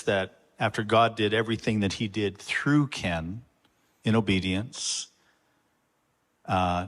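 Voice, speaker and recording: A low-voiced pastor addresses his congregation, pausing and reflecting as he introduces a guest. His speech is halting and thoughtful. A long reverb from the church hall trails after his words. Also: a bit bright. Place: church sanctuary.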